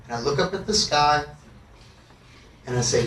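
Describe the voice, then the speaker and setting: A middle-aged man tells a confessional story to a live audience, cursing freely and swinging between loud outbursts and hushed asides. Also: on the high side, normal speed, pauses often, slight background noise. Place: live music venue. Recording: echoey live room, from far off.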